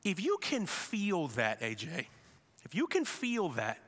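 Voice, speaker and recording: Bright-voiced pastor preaching in a reverberant hall. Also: male voice, high voice, slow pace. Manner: storytelling, vivid and animated. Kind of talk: sermon.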